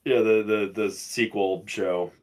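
A man's voice: fairly low pitch, fairly even intonation, unhurried. A young man co-hosting a podcast, chatting casually and telling profane, ranting stories. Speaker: podcast co-host. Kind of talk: casual chat.

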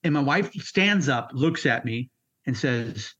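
Veteran man, 50s, candid and raw, plain mid pitch, slightly dull audio. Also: lively intonation, a bit bright. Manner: blunt, raw and halting, swears freely. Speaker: military veteran interviewee. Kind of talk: candid personal storytelling.

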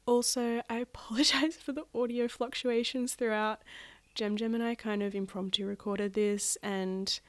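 A woman's voice: on the high side, fairly even intonation, normal speed, no room sound. A woman with a cold-congested voice, a podcast guest chatting with sarcastic, chaotic humor. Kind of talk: casual chat.

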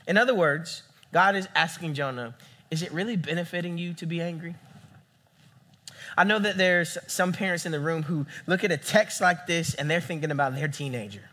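A young man preaching a sermon as a campus pastor, animated and acting out the people he quotes. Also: a little high, normal speed. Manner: animated, acts out quoted voices.

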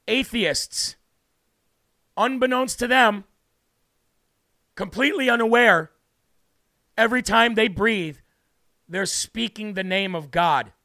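His voice high, pushed and bright, a man on a livestream preaches emphatically and fervently. He repeats words for stress and is so moved that he's brought to tears.

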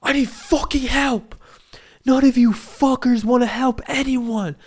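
A man voicing a confused, angry homeless man who shouts frantically at the staff. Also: extremely high pitch, steady tone, measured pace, voice pushed up. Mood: furious.

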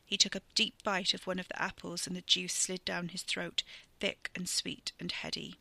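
A storyteller narrates in a vivid, steady way, in a very bright and sharp voice with a gravelly grain. The recording is dry and close, with no room sound. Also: mid-range voice, moderate pace, no room sound. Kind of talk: scripted narration.

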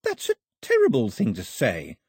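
A man putting on a polite young girl who speaks earnestly in a raised voice. The tone is husky and lively. The recording is close and dry. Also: mid-range voice, normal speed, dry recording, exaggerated voice. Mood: indignant. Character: young English girl, earnest, well-mannered.

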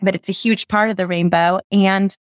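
A woman's voice: medium pitch, fairly even intonation, normal speed, smooth, dry recording, studio quality. A woman speaking as an interview guest, explaining ideas on intuition in a rambling, self-correcting way like a spiritual teacher.

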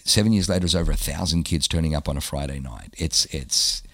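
Man, very low pitch, raspy voice, pastor, animated storytelling interview guest. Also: fast talker, dry recording, clean studio sound. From Australia. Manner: animated storyteller who acts out the quotes of others.

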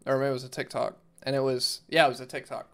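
A man's voice: mid-range voice, little pitch movement, fast, a bit bright. A young man on a casual podcast, telling loose, profane stories full of fillers. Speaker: podcast co-host. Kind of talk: casual chat.

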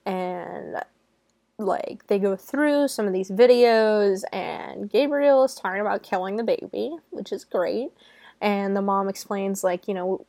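A young woman recaps a movie in a loose, chatty way, laughing between thoughts and leaning on "like". Her voice sits in an ordinary middle pitch. The sound is close and dry, with no room around it. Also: a little slow, gravelly, dark tone, no room sound. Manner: chatty and giggly, heavy use of "like". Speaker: movie reviewer.

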